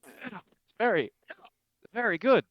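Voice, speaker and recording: A man voicing a kind middle-aged male halfling who looks after an old neighbor, speaking gently and reassuringly. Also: high-pitched, lively intonation, slow, dry recording, dull audio, voice pushed up, full character voice. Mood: gentle. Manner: gentle, reassuring, a little breathless.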